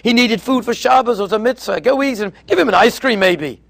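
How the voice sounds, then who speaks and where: A man's voice: extremely high pitch, animated, brisk, vocal fry, a bit bright, no echo. A man, a rabbi, giving a sermon to yeshiva students, telling stories and acting out their dialogue, with Hebrew and Yiddish terms mixed in. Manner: storytelling, acting out dialogue in quotes.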